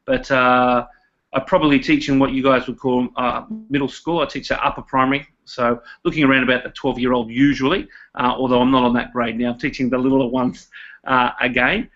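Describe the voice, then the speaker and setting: A man's voice: mid-range voice, fairly quick. A man with an Australian accent, a primary school teacher talking casually as a guest over a video call, with many fillers and restarts. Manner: relaxed, many fillers and repeated words. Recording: dull lo-fi video call audio.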